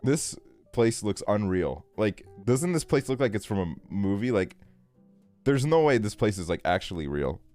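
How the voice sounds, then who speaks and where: A man's voice: lowish voice, big pitch swings, moderate pace, darkish tone, soft background music. A man in his twenties chatting casually on a stream, ranting with plenty of swearing and frequent laughter. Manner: profane, ranting, laughs often.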